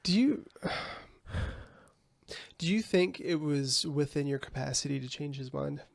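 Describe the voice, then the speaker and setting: A man hosting an interview, asking gentle, attentive questions. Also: fairly high pitch, slow pace, vocal fry, no room sound. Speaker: host, life coach.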